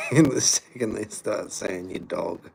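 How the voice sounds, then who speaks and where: A man's voice: low-pitched, slow pace, gravelly, a little hiss or hum. A man live-streaming, chatting casually and laughing between sweary remarks. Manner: relaxed, laughing, sweary banter.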